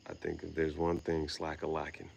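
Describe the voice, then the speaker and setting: A man's voice: very deep voice, completely flat delivery, normal speed, vocal fry, breathy edge. A young man rambling casually outdoors at night, slangy and meandering, laughing at his own words. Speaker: vlogger. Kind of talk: rambling late-night monologue.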